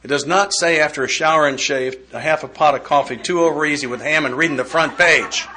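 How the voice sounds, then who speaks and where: A man's voice: a little high, brisk, sharp tone, slight background noise. A man giving a recovery step study talk, folksy and joking in a conversational way. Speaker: workshop speaker.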